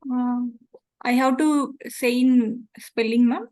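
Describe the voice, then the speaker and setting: A woman's voice: on the high side, steady tone, takes it slowly, a little mellow, dry recording. A woman with an Indian English accent, a beginner student giving hesitant answers in class.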